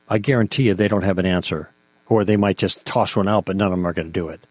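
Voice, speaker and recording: A middle-aged man co-hosting a talk show, arguing with forceful indignation and rhetorical questions. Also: lowish voice, quick pace, no room sound. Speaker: podcast co-host. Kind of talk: impassioned apologetics talk.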